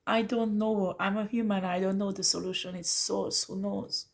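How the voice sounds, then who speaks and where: A woman's voice: mid-range voice, steady tone, normal speed, gravelly. A woman giving an earnest, pleading tarot reading to the listener, calling them honey. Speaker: tarot reader. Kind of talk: spiritual tarot reading monologue.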